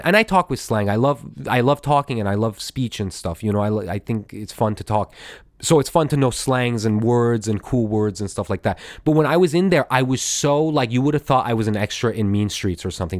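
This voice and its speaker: A man's voice: mid-range voice, no room sound, studio quality. A man hosting a podcast, telling a story in a loose, profane way with many fillers and restarts. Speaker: podcast host. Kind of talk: casual storytelling monologue.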